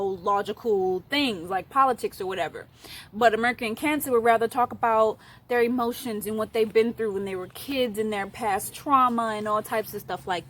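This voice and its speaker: A young woman giving a casual, chatty astrology talk, playful and full of fillers. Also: fairly high pitch. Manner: chatty and playful, many fillers, slips into acted voices. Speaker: astrology youtuber.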